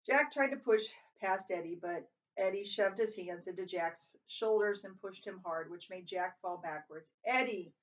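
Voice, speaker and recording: A woman's voice: normal speed, hardly any pauses. A woman reading a novel aloud, lifting her voice for the dialogue, with some slips and restarts. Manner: reads dialogue with raised pitch and volume, some slips and restarts. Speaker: reader. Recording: distant, dull lo-fi home recording.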